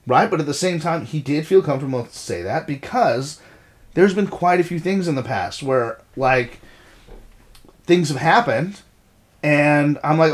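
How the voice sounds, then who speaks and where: A man's voice: fairly high pitch, lively intonation, measured pace. A middle-aged man co-hosting a casual talk show, blunt and swearing freely as he tells stories about raising his kids. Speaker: podcast co-host. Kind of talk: casual chat.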